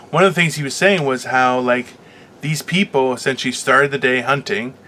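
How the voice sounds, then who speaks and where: A man's voice: medium pitch, pushed and bright, a little hiss or hum. A man hosting a comedy podcast in a casual rant, rambling through stories with lots of fillers and restarts, and teasing his co-host playfully. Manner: rambling, filler-heavy storytelling.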